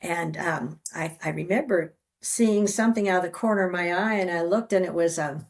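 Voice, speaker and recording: Female guest, middle-aged, low, raspy-edged voice, lively storyteller. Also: moderate pace. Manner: animated storyteller, laughs often. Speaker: interview guest. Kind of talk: personal storytelling in conversation.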